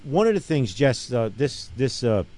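A middle-aged man hosts a casual radio talk show in a voice of ordinary middle pitch. He talks emphatically and often checks in with his listeners. He rambles through stories, restarting his sentences as he goes. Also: big pitch swings, moderate pace, background noise. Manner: rambling storyteller with frequent restarts. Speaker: radio show host and gun range owner.

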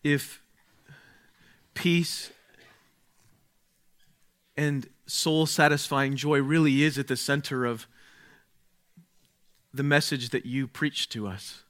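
A man preaching a sermon, speaking slowly and deliberately, dropping to a hush and then rising to exclaim. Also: mid-range voice, steady tone. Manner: slow, deliberate, swings from hushed to exclaiming.

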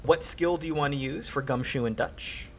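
A man running a tabletop horror game as game master, calm and encouraging, with faint background noise. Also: on the high side, moderate pace. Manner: calm, encouraging, dramatic narration at the close.

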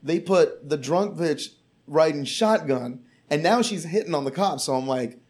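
Profane storytelling comedian, fairly high voice. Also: male voice, moderate pace. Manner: profane, rambling, animated retelling. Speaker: comedian telling a story on a podcast. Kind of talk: casual storytelling.

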